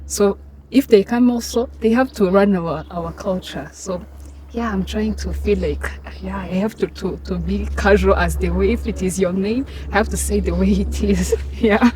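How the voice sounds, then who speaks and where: A woman student guest in a casual interview, speaking haltingly with many restarts and frequent laughter. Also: mid-range voice, crowd noise. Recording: noisy background.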